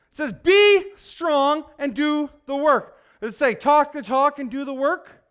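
A male pastor preaching a sermon, swinging from quiet asides to loud, emphatic exhortation. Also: extremely high pitch.

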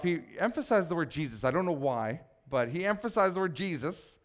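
A middle-aged man preaching a blunt, exhorting sermon, swinging between loud pushes and quiet asides. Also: sits high, lively intonation, brisk, hardly any pauses.

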